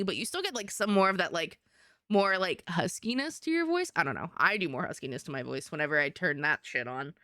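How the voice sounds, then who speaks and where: Chatty woman streamer, smooth voice. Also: fairly low pitch, sing-song, a little fast, sharp tone, dry recording, clean studio sound. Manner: rambling, chatty, self-mocking. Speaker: streamer and artist. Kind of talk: casual chat while drawing on stream.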